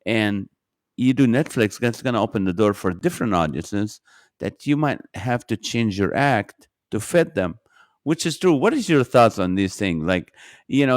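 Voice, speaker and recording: A man's voice: fairly low pitch, no echo, studio quality. A man hosting a podcast, a comedian talking in a loose, rambling way that keeps interrupting itself. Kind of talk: casual chat.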